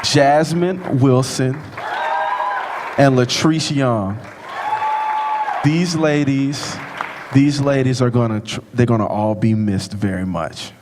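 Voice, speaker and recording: A man's voice: mid-range voice, takes it slowly, pauses often, crowd noise, noisy background. A man who directs a choir, thanking people from the stage in an informal, direct way. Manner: warm, informal, addresses audience directly. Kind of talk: concert thank-you speech. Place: large concert hall with audience. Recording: long hall reverb, audience sounds.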